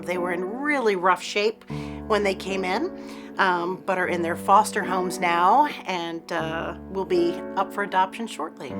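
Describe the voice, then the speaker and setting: Woman, rescue director, mid-pitch, informative interview over background music. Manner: steady, informative. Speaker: executive director of an animal rescue. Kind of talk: documentary interview.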